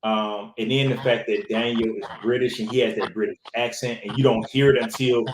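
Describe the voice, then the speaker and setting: A man, an actor, talking casually in an interview, animated and full of restarts and fillers. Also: mid-range voice, brisk, reverberant, noisy background. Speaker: actor, podcast guest.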